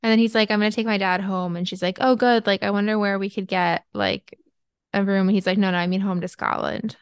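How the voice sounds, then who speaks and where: A woman's voice: mid-range voice, steady tone, a little fast, smooth, dry recording, studio quality. A woman co-hosting a casual book podcast, laid-back, summarizing the plot with wry asides. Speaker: podcast co-host.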